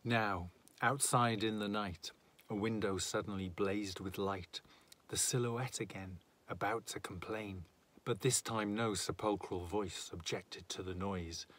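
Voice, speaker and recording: A man reading a narrative poem aloud in a measured, dramatic way. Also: lowish voice, a bit bright. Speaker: reader.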